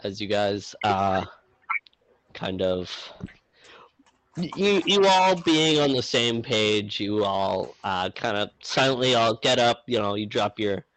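A man's voice: lowish voice, animated, measured pace, fairly bright tone, low-quality recording. A man running a tabletop game as game master, narrating in a rambling way with many fillers.

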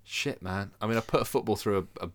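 A man's voice: lowish voice, brisk. A young man co-hosting a podcast, telling stories with lots of laughter and swearing. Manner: laughing storyteller, swears freely, jumps into voices. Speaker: podcast co-host. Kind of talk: casual chat.

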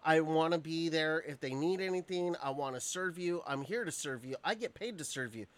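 A man's voice: a little high, animated, normal speed. A man, a restaurant manager, telling a work story in casual, profane podcast chat.

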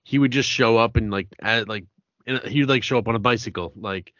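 A man's voice: medium pitch, brisk, fairly bright tone, dry recording, muffled recording. A man co-hosting a podcast, telling a rambling story full of "like". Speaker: podcast co-host. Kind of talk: casual chat.

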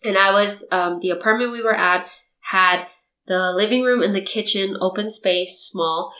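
Animated young woman telling a story, echoey room. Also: mid-range voice, normal speed. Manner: animated storytelling, acting out quotes. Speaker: podcast host. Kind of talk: casual chat.

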